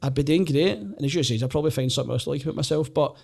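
A man with a Glaswegian accent, a comedian and former soldier, telling animated stories in casual chat and laughing often. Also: on the high side, very fast, vocal fry, husky. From Glasgow, Scotland. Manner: animated, laughs often, acts out voices in anecdotes.

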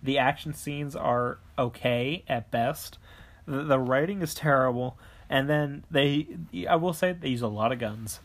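A young man co-hosting a casual chat, blunt and animated, swearing freely as he tells stories. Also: mid-range voice, unhurried. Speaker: podcast co-host.

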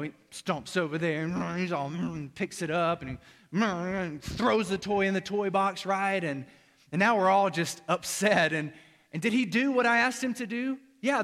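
A man's voice: fairly high pitch, a bit bright. A man in his thirties preaching a conversational sermon as a young adult pastor, acting out exchanges with his young son. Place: church auditorium. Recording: long reverb of a large hall.

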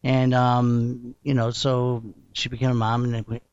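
A man from upstate New York hosting a casual interview, rambling and halting, laughing often. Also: mid-range voice, monotone, a little mellow, smooth, no room sound, muffled recording. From Rochester, New York. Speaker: host.

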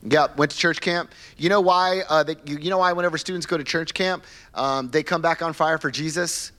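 A man's voice: fairly high pitch, fairly even intonation, fairly quick, a bit bright. A man preaching a conversational sermon in church as pastor, asking the congregation questions and acting out quoted people. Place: church sanctuary.

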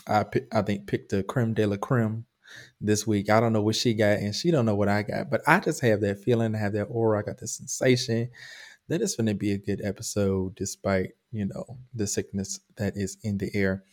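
A man co-hosting a podcast, slightly hoarse from a cold, talking. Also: fairly low pitch, steady tone, a little fast. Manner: playful, preacher-like flourishes. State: hoarse, under the weather. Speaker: podcast co-host. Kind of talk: casual chat.

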